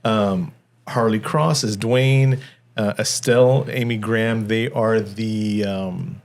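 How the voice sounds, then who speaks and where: A man's voice: on the low side, steady tone, slow pace. Rambling male podcast co-host. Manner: rambling, stumbling restarts, laughs often. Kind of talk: casual movie review chat.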